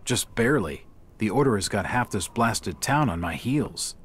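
An actor playing a tough, weary male investigator in a video game, blunt and curt in manner, with a gruff, raspy voice. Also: lowish voice, animated, moderate pace.

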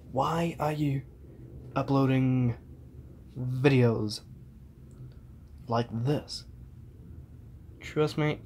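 Young NZ male vlogger, unhurried and meandering, talking into a phone at arm's length. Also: medium pitch, mellow, slight background noise. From New Zealand. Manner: rambling, trails off, chuckles between thoughts. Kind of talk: casual vlog chat. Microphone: phone held at arm's length.

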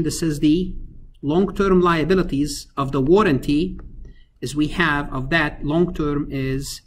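A man's voice: a little high, darkish tone, breathy edge. A male accounting lecturer talking through figures step by step, with many fillers and restarts as he thinks aloud. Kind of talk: recorded screen-capture lecture.

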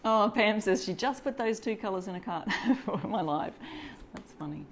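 A woman's voice: medium pitch, lively intonation, moderate pace, a little hiss or hum. An Australian woman chatting casually through a live craft tutorial, showing stencils and greeting viewers as she works. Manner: chatty, greets and reads out viewer comments while working. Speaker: DIY crafter hosting a live stencil demo.

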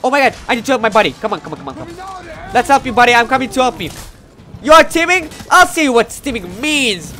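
Extremely high-pitched and quick, this man commentates gameplay live with plenty of excitement and frequent swearing. Frustration shows during matches, while he turns more hesitant looking back on them.

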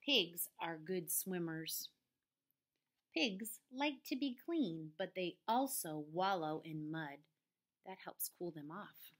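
A woman teacher reading picture books aloud to young children, slow and expressive with playful voices. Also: medium pitch.

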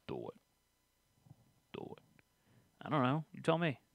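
A man's voice: a little high, big pitch swings, a little slow, gravelly, no room sound, phone-quality sound. A man hosting a tabletop game stream, reading rules aloud and teasing his co-player. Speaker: game host. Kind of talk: casual tabletop game play.

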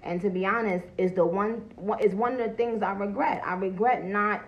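A woman, talking loudly and profanely on a phone livestream and greeting viewers as she goes. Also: medium pitch, normal speed, low-quality recording. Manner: loud, profane and animated, greeting viewers between points. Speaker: livestream host. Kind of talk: casual livestream talk.

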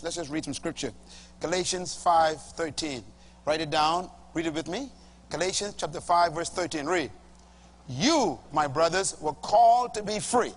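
Emphatic preacher man, lively high voice. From Bahamas. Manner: emphatic preaching, slow stressed words, calls for congregation response. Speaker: pastor. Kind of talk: sermon. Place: church hall before a congregation.

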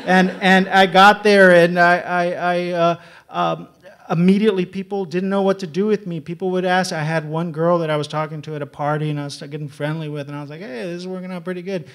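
A man from Texas, a writer on a panel, telling humorous personal stories in an animated way, laughing often and stumbling over repeated words as he starts sentences. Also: high-pitched, a little fast, clean tone. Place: live panel event.

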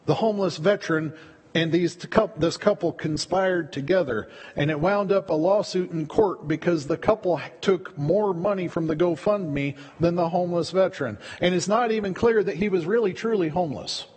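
A male pastor delivers a sermon in a loose, conversational way, often doubling up his words mid-thought. His voice sits a little high and has a husky edge. It rings out with the long reverb of a church sanctuary. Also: moderate pace, a little mellow. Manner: conversational, repeats words while preaching.

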